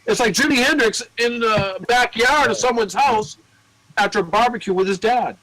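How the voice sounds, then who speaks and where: A man working in a record store, telling cursing, animated stories in casual chat. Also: very high voice, moderate pace, no echo, poor audio. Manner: profane, animated storyteller.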